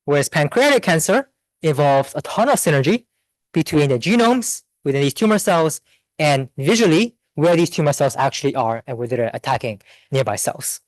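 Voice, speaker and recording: A man giving an academic seminar talk, explaining research results in a steady, methodical way with occasional fillers. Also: fairly high pitch, moderate pace, no room sound, rough recording. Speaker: invited seminar speaker. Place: lecture room.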